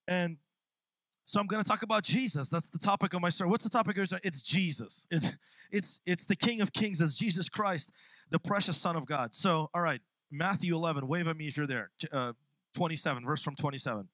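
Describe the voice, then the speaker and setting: A young man preaching a sermon in a church on a microphone, lively and quick to laugh, often repeating his words as he goes. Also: a little high, dry recording. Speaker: pastor. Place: church sanctuary. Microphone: handheld or stand mic.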